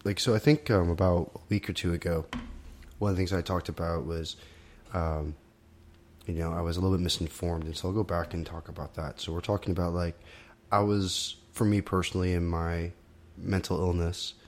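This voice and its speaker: A man with a low voice co-hosts a podcast in relaxed chat. He talks hesitantly, often stopping and restarting his thoughts. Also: a little fast, slight background noise. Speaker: podcast co-host.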